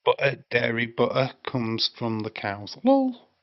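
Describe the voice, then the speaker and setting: A man's voice: medium pitch, steady tone, moderate pace, dry recording, lo-fi sound. Chatty English man streaming a watch-along. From England. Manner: chatty, reads out chat, swears freely. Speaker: livestream host. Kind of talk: casual watch-along chat.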